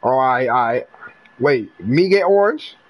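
A young man from North Carolina, giving live gameplay commentary full of profane trash talk and bursts of yelling. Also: medium pitch, expressive, a little slow, highs cut off. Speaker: gamer streamer.

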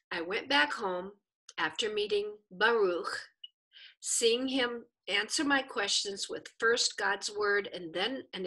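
A woman teaching a lesson, telling a story in an animated way and acting out the people in it. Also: medium pitch. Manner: animated storyteller who acts out the people she quotes. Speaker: Bible and Hebrew teacher. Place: teaching a class with a screen.

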